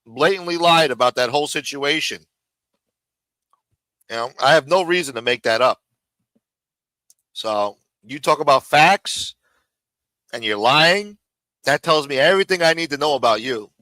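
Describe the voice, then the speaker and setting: A man's voice: a little high, animated, normal speed, pauses often, sharp tone, no echo, poor audio. A man hosting a live stream, ranting angrily and mockingly with a lot of profanity, talking around a throat lozenge. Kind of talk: heated live stream rant.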